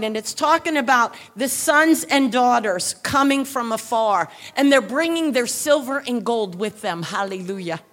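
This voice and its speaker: A woman preaching a sermon at a church service, telling a story and rising to shouted exhortation. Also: on the high side.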